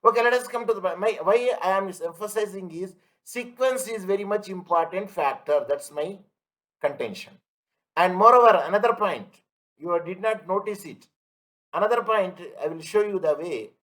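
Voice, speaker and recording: A man's voice: sits high, normal speed, fairly bright tone, poor audio. A man teaching an online class, repeating his points and asking students if they follow. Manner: everyday analogies, emphatic. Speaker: lecturer.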